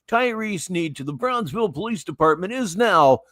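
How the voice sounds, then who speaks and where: A middle-aged man hosts a casual livestream, reading out viewer messages and rambling through his opinions, repeating himself as he goes. His pitch swings widely, and the close mic gives a dry, intimate sound. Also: animated, normal speed, fairly bright tone, no echo. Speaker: livestream host.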